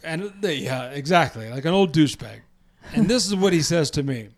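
A middle-aged man spinning a story in casual chat, his voice sitting a bit high for a man. He talks in bursts, restarts his sentences, and acts out what others said. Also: animated, fairly quick. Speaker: podcast host telling a story.

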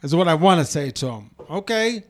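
A middle-aged man hosting a casual chat, telling a long story with lively restarts and acted-out quotes. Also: a little high, moderate pace. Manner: animated, restarts sentences, acts out quotes. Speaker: podcast host telling a story.

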